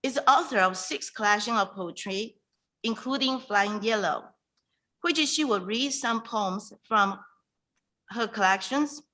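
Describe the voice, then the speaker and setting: A woman hosting a virtual reading night, introducing a poet in an emotional, halting way over a video call. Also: fairly high pitch, pushed and bright, low-quality recording. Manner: emotional, halting, with restarts and pauses. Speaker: event host introducing a poet.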